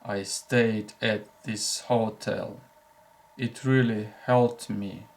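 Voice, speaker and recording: With a lowish voice and fairly even intonation, a male English teacher whose first language is Russian reads out short sample sentences for students. He is slow and careful, with distinct gaps between sentences.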